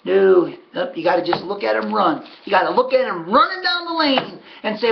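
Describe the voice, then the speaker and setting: A man's voice: sits high, animated, normal speed, vocal fry, hardly any pauses, muffled recording, background noise. A man giving a casual, folksy recap of his race picks, sardonic and talking to himself about his bets. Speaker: harness racing handicapper.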